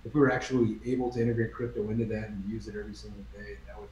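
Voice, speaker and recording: Easygoing male host, mellow tone, roomy echo, casual agreeable chat. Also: lowish voice, little pitch movement, rapid-fire, muffled recording, a little hiss or hum. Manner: easygoing, agreeable, says "man" a lot. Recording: echoey room.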